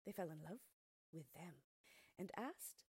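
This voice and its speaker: A woman reads a fairy tale aloud in a husky, mellow voice, often sinking into a soft near-whisper. Her pitch swings widely and expressively. The recording is close and dry. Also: lively intonation, measured pace, no echo. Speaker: storyteller.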